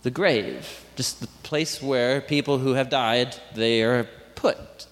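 A man's voice: mid-range voice, steady tone, slow. Man preaching in an echoing hall. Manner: conversational, questions the congregation. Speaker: pastor. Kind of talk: sermon. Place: church hall with congregation. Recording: long hall reverb.

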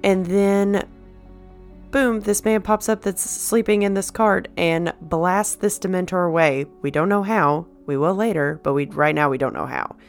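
A woman's voice: fairly low pitch, faint music behind. A woman giving a chatty, sarcastic recap of a movie, briefly acting out the characters' lines. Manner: chatty, sarcastic, quick quoted voices.

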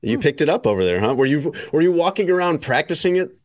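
A man's voice: on the high side, lively intonation, fast, a little mellow, no echo. A man hosting a casual podcast chat, teasing his co-hosts and reading an ad in an easygoing way. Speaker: podcast host.

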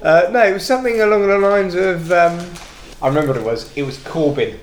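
A young man hosting a podcast, chatting casually and bantering with friends, quick to laugh. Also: high-pitched, background noise. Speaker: podcast host. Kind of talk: casual chat.

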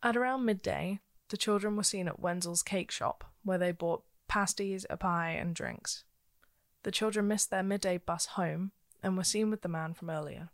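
A woman's voice: mid-range voice, moderate pace. A woman co-hosting a podcast, telling a true-crime case in a casual, chatty way with frequent ums and likes. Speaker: podcast co-host.

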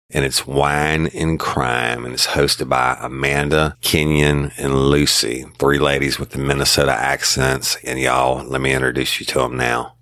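A man's voice: rumbling low, fairly bright tone, dry recording. A man hosting a podcast in a drawling, folksy way. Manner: drawling, folksy, uses y'all. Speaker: podcast host. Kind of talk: casual podcast talk.

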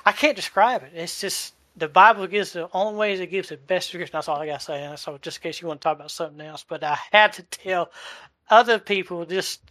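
40s guy telling his faith story, keeps restarting, bright tense voice, dry sound. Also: high voice, no echo. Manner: halting, searching for words, many restarts. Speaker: delivery driver sharing a testimony. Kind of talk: emotional personal testimony in a live chat.

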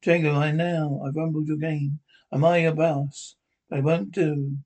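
A man's voice: a little high, little pitch movement, unhurried, darkish tone. A man reading the part of a wordy, blustering Victorian theatre owner. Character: bumbling, verbose Victorian theatre owner, male.

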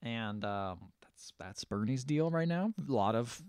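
A man's voice: mid-range voice, expressive, unhurried, darkish tone, clean tone, no echo. Dry-voiced man recapping casually. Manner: rambling retelling full of fillers and acted quotes. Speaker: podcast co-host. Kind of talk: casual movie recap chat.

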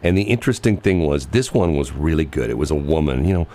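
A man's voice: a bass voice, fairly quick. A man hosting a radio show, chatting casually and telling stories, acting out the voices of people in them. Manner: animated storyteller, mimics voices. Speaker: radio host.

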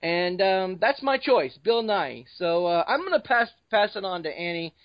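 A man's voice: high-pitched, very animated, moderate pace, no echo. Man hosting a chatty podcast, dull dry sound. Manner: rambling, loose, many fillers. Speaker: podcast host. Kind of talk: casual podcast chat.

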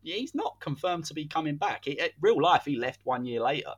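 A man's voice: on the high side, expressive, a little fast. A man, hosting a podcast and telling a football story in a casual, dramatic way. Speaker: podcast host.

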